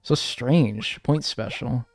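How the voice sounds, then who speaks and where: A man's voice: medium pitch, takes it slowly. A man chatting casually on a live stream, rambling and joking at his own expense. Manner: rambling, joking, self-mocking.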